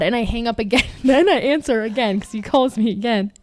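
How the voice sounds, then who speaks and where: A woman's voice: medium pitch, fast, hardly any pauses. A young woman in her twenties co-hosting a podcast, telling a story in casual chat and acting out the people in it. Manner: animated, acts out voices while telling stories. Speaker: podcast co-host.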